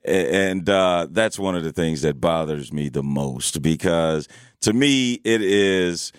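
Deep-voiced man radio co-host. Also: expressive, a little slow, clear, resonant tone, no echo, studio quality. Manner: hesitant, full of fillers, laughs a lot. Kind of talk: casual radio chat. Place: radio studio.

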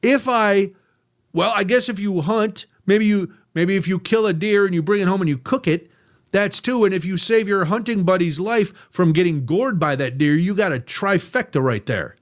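High-voiced joking male radio host. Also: normal speed. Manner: chatty, joking, reads listener texts. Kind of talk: casual radio talk. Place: radio studio.

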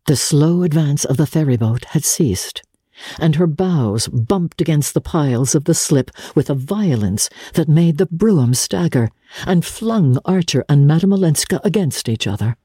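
A narrator reading a classic novel aloud in a measured, even manner. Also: medium pitch, slightly rough, dry recording, studio quality. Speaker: audiobook narrator. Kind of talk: literary audiobook narration.

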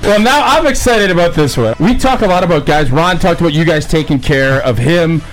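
Lively higher-voiced male host. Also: a little fast, soft background music, rough recording. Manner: joking, relaxed interviewer. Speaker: podcast host. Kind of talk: casual sports radio chat.

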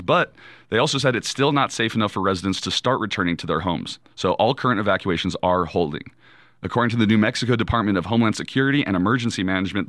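Male radio newsreader, low pitch, dry close mic, measured. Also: a bit bright, dry recording. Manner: measured reading, quick laughs in chat. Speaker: news presenter on a morning radio show. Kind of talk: news reading and casual chat.

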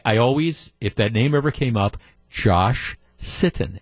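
A man's voice: medium pitch, a little mellow, no room sound. A man hosting a talk radio show, delivering a conversational monologue with emphatic opinions from a studio mic.

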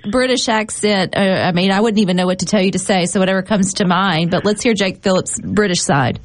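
A woman hosts an interview with an upbeat, encouraging manner and tends to ramble a bit. Her voice sits at a middle pitch. The sound is dry and close. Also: fairly quick, no room sound. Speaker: host.

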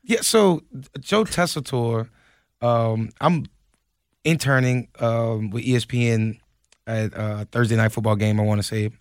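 A young man, a podcast guest telling a story in an animated way and acting out the quotes. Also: mid-range voice, a little slow, dry recording, clean studio sound. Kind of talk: casual storytelling.

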